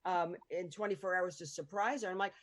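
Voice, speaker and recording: A woman's voice: on the low side, steady tone, fairly quick. A woman hosting a casual group chat, rambling and chatty with the odd swear. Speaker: host.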